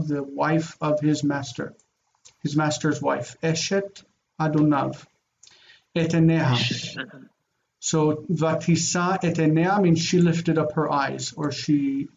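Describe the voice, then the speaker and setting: Brief: male Hebrew teacher, slightly high voice, reads and translates line by line, dull lo-fi audio. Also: darkish tone, slight background noise. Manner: reads Hebrew aloud then translates, repeats phrases slowly. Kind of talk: screen-shared lesson, reading and translating.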